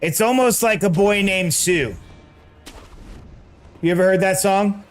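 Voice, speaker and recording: A man's voice: high-pitched, unhurried, faint music behind. A man chatting casually with his viewers while playing a hard action game, joking and getting distracted mid-fight. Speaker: gaming streamer. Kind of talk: casual gameplay commentary with chat.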